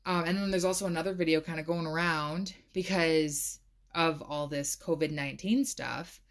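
A woman's voice: low-pitched, steady tone, moderate pace. A woman hosting a casual solo podcast, chatty and full of "like," laughing now and then. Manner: chatty, says "like" a lot, laughs often. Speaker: podcast host.

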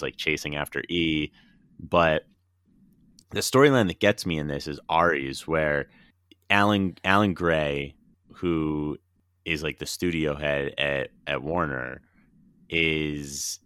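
A man's voice: extremely low pitch, steady tone, slow, a bit bright, smooth, dry recording, studio quality. A man leading a casual podcast chat, recapping the lists and calling on the others. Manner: leads the segment, recaps and asks the others in turn. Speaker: podcast co-host.

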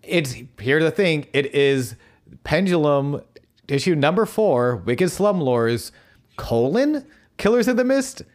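Male podcast co-host, excitable, stumbling restarts, casual swearing. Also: fairly high pitch, takes it slowly. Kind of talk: casual chat about comics.

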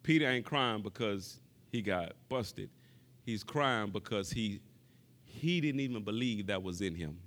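A man preaching a sermon, talking straight to the congregation and repeating words for emphasis, moving between quiet passages and raised, impassioned ones. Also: fairly low pitch, expressive, a little slow.

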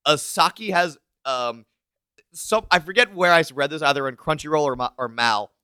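A man co-hosting a podcast in casual chat, animated, laughing often and restarting his sentences. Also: fairly high pitch, normal speed, clear, resonant tone, dry recording, studio quality. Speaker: podcast co-host.

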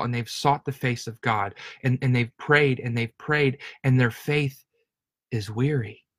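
A man preaching with earnest feeling, circling back over his words and repeating phrases for emphasis. His voice sits at an ordinary middle pitch. The sound is close and dry, with no room echo. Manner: earnest, repetitive, stumbling restarts. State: emotional. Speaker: pastor. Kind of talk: sermon.

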